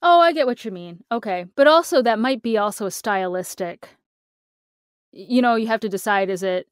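A woman co-hosting a casual writing podcast, talking in an animated, emphatic way. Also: a little high, normal speed, clear, resonant tone, no room sound, clean studio sound. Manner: animated, emphatic, acts out quoted reactions. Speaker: podcast co-host.

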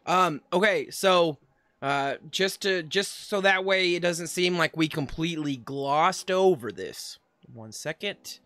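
A man's voice: a little high, takes it slowly, a bit bright, no room sound. A man in his thirties co-hosting a casual chat, upbeat and laughing often as he reads viewer comments and runs through lists. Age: 30s. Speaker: podcast co-host.

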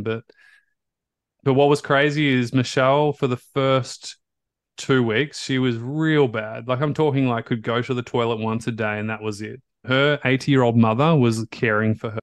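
A man hosting a podcast, telling a story in a casual, animated way, blunt and full of fillers and restarts. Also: mid-range voice, no echo. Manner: blunt, outspoken. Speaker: podcast host, recovery coach.

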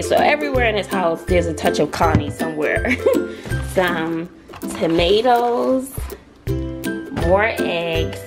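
A woman's voice: lowish voice, vocal fry. A woman with a Southern US accent, chatting casually to the camera as a vlogger, laughing often and talking straight to her viewers.

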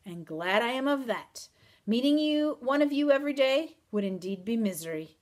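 A woman's voice: lively intonation, normal speed, lightly acted. A woman voicing an indignant, stubborn young girl. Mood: defiant. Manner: emphatic, complaining, louder and higher than the narration. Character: stubborn, indignant peasant girl, quick to anger. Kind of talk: audiobook reading.

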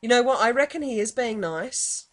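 A woman's voice: fairly high pitch, lively intonation, normal speed, a crowd in the background. Jumpy South Australian woman gaming. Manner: chatty, jumpy, cries out in alarm at scares. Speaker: gaming YouTuber. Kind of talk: let's play commentary. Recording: loud background noise.

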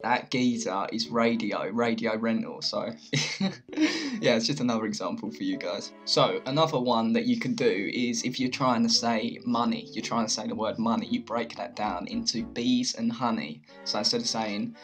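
A man's voice: medium pitch, fairly even intonation, moderate pace, soft background music. A young man with a London accent, explaining slang to camera in a loose, chatty way. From England. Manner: chatty, loose, with many "like"s and restarts. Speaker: video host teaching slang.

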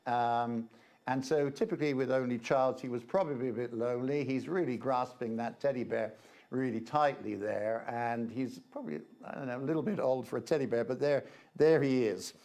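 A man's voice: medium pitch, moderate pace, darkish tone. Man giving a chatty slide-show talk. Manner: chatty, hesitant, with frequent 'uh' fillers. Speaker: guest presenter, reverend. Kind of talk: informal slide-show lecture.

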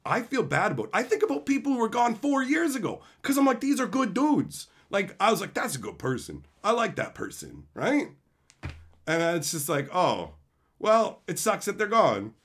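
A man's voice: high-pitched, wildly swooping pitch, normal speed, fairly bright tone, husky. A man streaming live, ranting in an exasperated, profane way about entitled viewers. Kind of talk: livestream rant.

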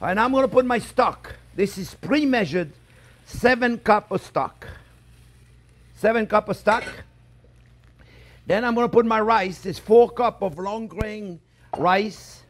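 A middle-aged man with a notably high voice walks through a recipe as a chef, step by step. He chats and jokes as he cooks, constantly checking in with a quick "okay?" or "eh?". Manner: chatty and joking, keeps checking in with "okay?" and "eh?". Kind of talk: cooking demonstration.

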